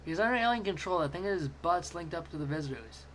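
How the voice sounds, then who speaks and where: A man voicing an angry cartoon boy, shouting in a raised, strained voice. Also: lively intonation, fast, a little hiss or hum, poor audio. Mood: accusing. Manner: shouting, high-pitched. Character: loud angry boy Kyle, frantic.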